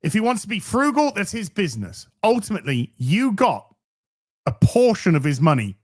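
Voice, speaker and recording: Ranting high-voiced sarcastic man. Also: big pitch swings, normal speed, a little mellow. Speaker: commentary host. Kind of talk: profane reaction commentary.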